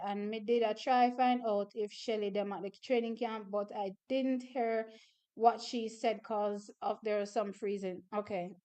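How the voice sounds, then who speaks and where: A young woman hosting a casual livestream, animated storyteller who laughs often. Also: fairly high pitch. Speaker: livestream host.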